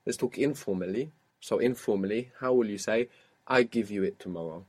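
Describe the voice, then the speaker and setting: A man's voice: fairly low pitch, brisk. A man teaching a language lesson, patiently prompting a learner and confirming her answers.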